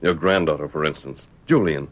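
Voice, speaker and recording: A firm, deep-voiced masked hero. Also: male voice, a little fast. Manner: firm, commanding. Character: masked male hero, firm, righteous and decisive. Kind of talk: 1940s radio acting. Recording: dull old radio recording.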